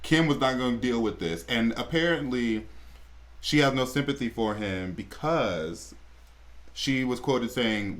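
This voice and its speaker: A man's voice: mid-range voice, a little slow. A man co-hosting a casual gossip podcast, chatty and opinionated. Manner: chatty, opinionated, quotes celebrities in mocking voices. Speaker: podcast co-host.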